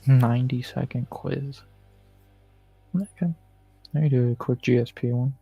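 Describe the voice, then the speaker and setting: Streamer guy with a fry in his voice, kinda hoarse, grumbling at quizzes. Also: mid-range voice, fairly even intonation, a little slow, dark tone, dry recording, soft background music. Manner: mutters and swears at quiz questions. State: losing his voice. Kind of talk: casual live-stream commentary while playing quizzes.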